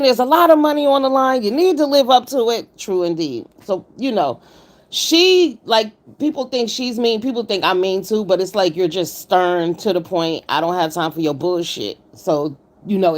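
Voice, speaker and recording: Woman streamer, blunt, slightly low voice, chatty commentary. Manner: blunt, greets chat viewers by name. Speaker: livestream host reviewing a contest. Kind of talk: casual livestream commentary.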